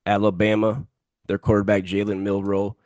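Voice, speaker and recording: Low-voiced man co-hosting a sports podcast. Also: monotone, normal speed, darkish tone, no echo, clean studio sound. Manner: confident, emphatic picks with repeated phrases. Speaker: podcast co-host. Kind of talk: casual sports podcast chat.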